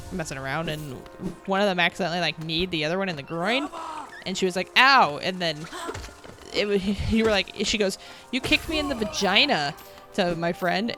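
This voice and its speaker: A woman in her thirties chatting casually on a live stream, reading out viewer comments, telling stories and laughing often. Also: fairly low pitch. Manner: chatty and laughing, reads viewer comments aloud and answers them. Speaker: game streamer.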